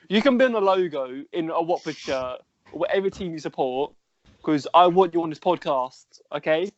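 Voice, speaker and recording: A man's voice: fairly high pitch, animated, moderate pace, no room sound. A young man co-hosting a casual podcast with joking, self-deprecating banter. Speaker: podcast co-host. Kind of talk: casual chat. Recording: dull lo-fi sound.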